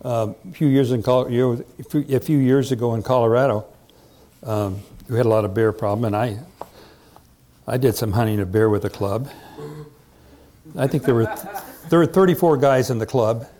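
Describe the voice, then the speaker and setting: A male preacher, delivering a sermon in a mellow, warm voice. He tells the story dramatically and lifts his voice for the quoted lines. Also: medium pitch, moderate pace, pauses often. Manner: dramatic storytelling, rising loud for quoted lines, joking asides. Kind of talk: sermon retelling a Bible story.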